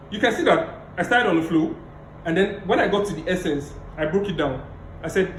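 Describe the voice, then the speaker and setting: High-voiced man lecturing emphatically. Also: animated, roomy sound, slight background noise, poor audio. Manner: emphatic, repeats key phrases, deliberately varies tone. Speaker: public speaking lecturer. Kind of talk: virtual lecture on a video call. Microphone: video call mic.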